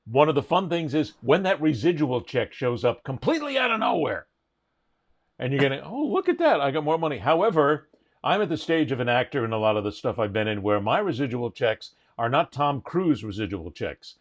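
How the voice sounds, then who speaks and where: A man's voice: mid-range voice, fairly quick. A man co-hosting a sports podcast, reading plugs and joking in casual chat. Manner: animated, jokey promo patter. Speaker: podcast co-host.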